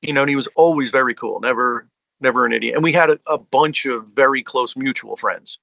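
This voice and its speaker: Man, from the US tri-state area, gravelly, dry close sound, rambling storyteller. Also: mid-range voice, brisk, bright, forceful tone, no echo, poor audio. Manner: chatty storyteller, many fillers. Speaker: guest, fan and collector. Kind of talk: casual sit-down conversation.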